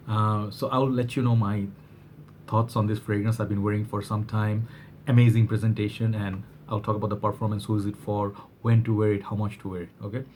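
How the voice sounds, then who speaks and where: A man's voice: on the low side, a little mellow, slight background noise. Chatty Bangladeshi man reviewing fragrance. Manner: chatty, rambling, many fillers and restarts. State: slightly worn voice. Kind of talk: casual product review vlog.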